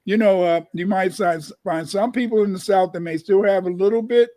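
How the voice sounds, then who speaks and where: A man with a notably high voice explains things in a lecturing way and keeps repeating words as he restarts. The sound is dry and close, with no room echo. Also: normal speed, mellow. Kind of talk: casual livestream discussion.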